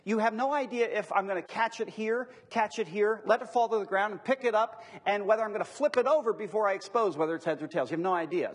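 A man with a high, husky voice lectures on apologetics to a live classroom audience. He keeps a conversational tone, then eases off the pace to repeat his key phrases for emphasis.

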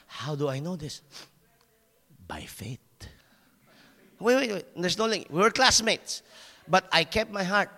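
A man preaching a sermon as a pastor, telling a personal story in an animated way, laughing at himself and stumbling over restarts. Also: high-pitched, unhurried, pauses often, big-room sound.

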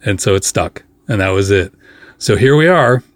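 On a podcast, a male host tells a behind-the-scenes tale in a fairly low, animated voice, and the recording has no echo. He's chatty and rambling, dropping in plenty of fillers and quick asides as he goes.

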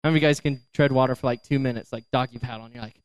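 A young man giving a storytelling sermon, lively, acting out voices and laughing as he goes. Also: mid-range voice, racing, dry recording. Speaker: youth speaker.

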